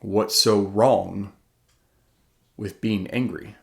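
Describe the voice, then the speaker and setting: A man giving a heartfelt motivational talk as an author, earnest and self-questioning, his voice swinging from loud and pressing to hushed and slow. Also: fairly low pitch, steady tone, vocal fry.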